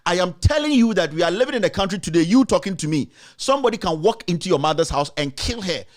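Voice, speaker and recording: Passionate Ghanaian man, high-pitched rant. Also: animated, fast. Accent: Ghanaian English. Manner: passionate, repetitive, rhetorical, addressing critics directly. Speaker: talk show host. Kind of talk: impassioned political commentary.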